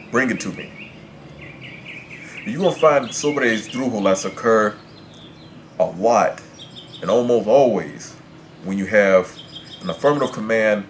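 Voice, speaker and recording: A man teaching Spanish pronunciation, explaining grammar to the camera in a measured way, stopping to pick his words. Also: deep voice, slight background noise.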